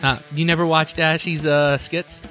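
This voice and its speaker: A man's voice: a little high, level tone, moderate pace, loud music behind the voice. A man co-hosting a podcast, chatting casually and joking around. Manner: jokey, laughs often. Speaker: podcast co-host. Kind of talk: casual chat.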